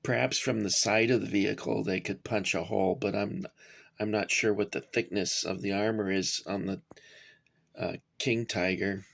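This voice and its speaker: Guy with a gravelly voice chatting thru a toy review at home, lots of uhs. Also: lowish voice, fairly even intonation, normal speed, a bit bright. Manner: rambling, talks to viewers as guys, frequent fillers. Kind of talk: casual hobby review. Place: cramped home workspace.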